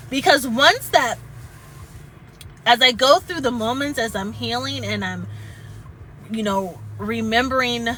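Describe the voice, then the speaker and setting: A woman chatting earnestly and haltingly about spiritual healing, at times close to tears. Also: fairly high pitch, bright, forceful tone, a little hiss or hum, low-quality recording. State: tearful at moments. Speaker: spiritual vlogger. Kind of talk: emotional casual chat.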